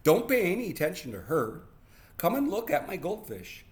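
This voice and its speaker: A man voicing an eager young boy in a read-aloud storybook, pitched high. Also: wildly swooping pitch, moderate pace, reverberant. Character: excited young boy swapping his dad.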